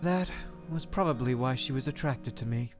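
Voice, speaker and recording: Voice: medium pitch, normal speed, music in the background, natural voice. A streamer voicing a cold, proud woman prosecutor in a courtroom video game. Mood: haughty. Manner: aloof, haughty. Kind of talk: live-streamed game voice-over.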